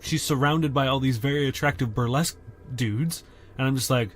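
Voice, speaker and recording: A man's voice: medium pitch, fairly quick, a little hiss or hum. A young man co-hosting a podcast in casual chat, candid and full of fillers. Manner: chatty, filler-heavy, candid. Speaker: podcast co-host.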